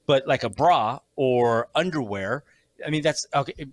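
A middle-aged man co-hosting a podcast, telling stories in casual chat with halting restarts. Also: medium pitch, lively intonation, dry recording. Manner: chatty storyteller, halting restarts. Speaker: podcast co-host.

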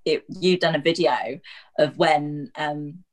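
A woman's voice: low-pitched, slow pace. A woman hosting a casual podcast interview, asking questions full of fillers and "like". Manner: filler-heavy, lots of "like". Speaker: host.

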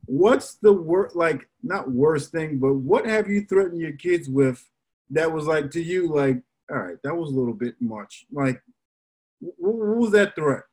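A young adult man and podcast co-host, telling parenting stories in a rambling, animated way with many fillers. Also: fairly high pitch, a little slow, breathy edge. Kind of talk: casual chat.

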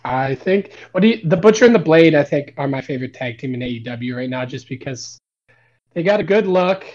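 A man's voice: fairly high pitch, animated, a little fast, a little mellow. A man co-hosting a casual wrestling podcast, rambling with many fillers. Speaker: podcast co-host. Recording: dull lo-fi mic.

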